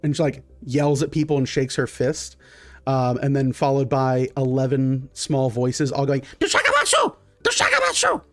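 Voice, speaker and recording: A man's voice: medium pitch, little pitch movement, moderate pace, mellow, no echo. A man narrating a tabletop game as game master, in a loose, filler-heavy way.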